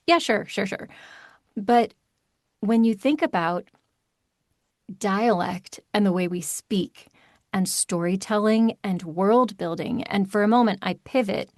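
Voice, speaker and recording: A woman's voice: medium pitch, no room sound. Chatty American woman narrator, dry sound. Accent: General American. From Maryland, USA. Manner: chatty, animated, quick asides. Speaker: audiobook narrator guest. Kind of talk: casual interview chat.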